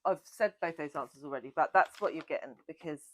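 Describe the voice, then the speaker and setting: A woman's voice: low voice, quick pace, dry recording. A woman hosting a book channel, chatting casually and self-mockingly through a Q&A. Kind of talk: casual Q&A chat.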